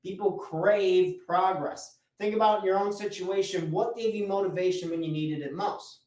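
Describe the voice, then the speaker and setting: High-voiced blunt motivational coach in echoey room. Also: male voice, moderate pace, a little mellow. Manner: casual and blunt, with mild swearing; repeats key points for emphasis. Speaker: business coach. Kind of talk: motivational talk to camera. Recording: echoey room, mic at a distance.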